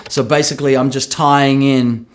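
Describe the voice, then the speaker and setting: An Australian man in his thirties, a rapper who raps his lines and then explains them in casual talk. He tells stories with sudden loud, excited re-enactments. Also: medium pitch, normal speed.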